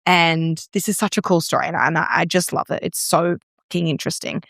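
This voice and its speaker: Chatty Australian woman with gravelly voice. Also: fairly low pitch, flat delivery, fairly quick, a bit bright, no echo, clean studio sound. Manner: chatty, storytelling, many "like" fillers. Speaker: breathwork practitioner, guest. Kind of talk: casual interview chat.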